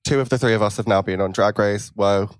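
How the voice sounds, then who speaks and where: A man's voice: on the low side, fairly even intonation, fast talker, clean tone, no room sound, studio quality. A man hosting a podcast, chatting in a self-mocking way and laughing often. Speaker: podcast host. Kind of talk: casual chat.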